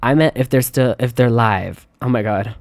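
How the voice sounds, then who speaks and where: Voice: medium pitch, moderate pace, no echo, studio quality. A streamer giving casual live commentary on a game at the computer, chatty and reactive, laughing and talking to chat. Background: quiet game music.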